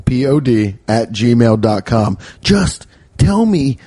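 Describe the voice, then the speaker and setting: A man's voice: medium pitch, sing-song, slow pace, warm tone. A man hosting a podcast, joking around in casual banter and laughing often while reading sponsor plugs. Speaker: podcast host.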